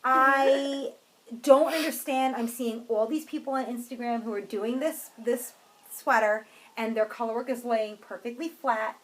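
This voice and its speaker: Woman, podcast co-host, casual chat, slightly high voice, faint hiss behind. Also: fairly even intonation, normal speed, rough recording. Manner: chatty, self-deprecating, laughs often.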